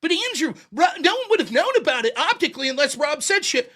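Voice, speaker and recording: A man's voice: very high voice, very animated, fast, pushed and bright, heavily acted. A man putting on a whining, pleading voice to mock a complaining young woman. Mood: whiny mocking.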